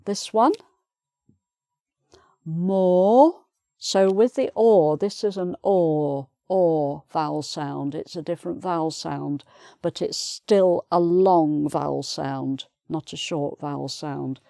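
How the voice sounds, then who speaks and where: A woman's voice: sits low, slow, gravelly, warm tone, no room sound, studio quality. A woman with a British English accent gives a pronunciation lesson, patiently repeating example words. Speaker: pronunciation teacher.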